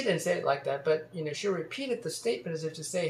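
A man's voice: a little high, animated, quick pace, hardly any pauses, slight background noise. A man telling a personal story in a casual monologue, rambling with many restarts and fillers. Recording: roomy echo.

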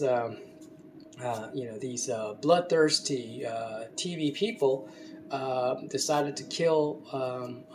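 A man giving an unscripted talk, halting often with fillers and restarts. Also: mid-range voice, darkish tone, slight background noise. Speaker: speaker giving a talk on gender. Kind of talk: unscripted lecture.

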